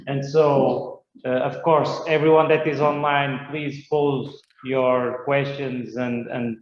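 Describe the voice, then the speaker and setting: A man moderating a webinar, halting and repeating words as he opens the Q and A. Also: mid-range voice, flat delivery. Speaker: session moderator. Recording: roomy hall, dull sound.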